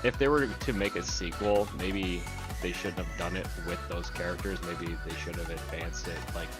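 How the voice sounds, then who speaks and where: Very deep-voiced man over loud music. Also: steady tone. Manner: jokey, quick asides. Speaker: podcast co-host. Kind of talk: casual chat.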